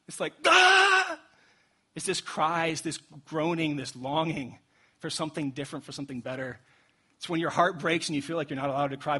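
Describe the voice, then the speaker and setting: A young man preaching a sermon in a casual, animated way, laughing often and acting out quotes. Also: medium pitch, husky. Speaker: pastor.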